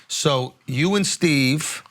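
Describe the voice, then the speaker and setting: A man's voice: on the high side, very slow, a bit bright. A man hosting a podcast, prompting his guest and recapping the story for listeners. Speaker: podcast host. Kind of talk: casual interview chat.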